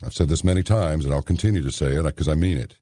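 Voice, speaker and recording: A male radio host running a late-night interview, measured and pausing with "uh" a lot. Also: rumbling low, mellow, breathy edge, no room sound. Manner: measured, with many "uh" pauses.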